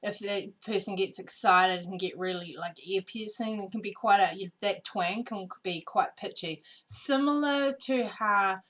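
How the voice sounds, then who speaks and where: A woman's voice: medium pitch, a little slow, hardly any pauses, a bit bright, low-quality recording. A woman with a New Zealand accent co-hosting a casual podcast, talking expressively and with emphasis. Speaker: podcast co-host.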